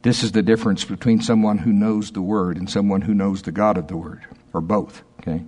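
A male pastor preaching a sermon, reading quotations slowly and emphatically with asides to the congregation. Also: lowish voice, steady tone, darkish tone, slightly rough.

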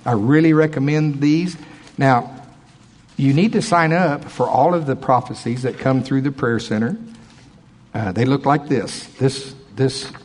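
A man preaching a sermon in church, swinging between loud emphatic lines and quiet asides. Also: medium pitch, unhurried.

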